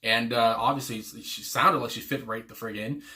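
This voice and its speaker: A man with a bright, tense timbre gives loose reaction commentary on a track. He rambles excitedly, piling on fillers, swearing and little chuckles as he goes. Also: medium pitch, moderate pace. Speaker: music reaction channel host.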